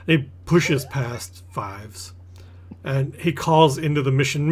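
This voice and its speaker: A man narrating as game master of a tabletop game, pausing with fillers while he describes. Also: medium pitch, darkish tone, slightly rough.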